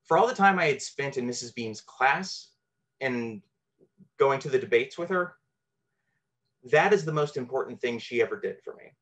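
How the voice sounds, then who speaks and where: A man's voice: mid-range voice, animated, moderate pace, long pauses, fairly bright tone. A man telling a true, personal story from his teenage years, earnest and candid with a self-deprecating edge.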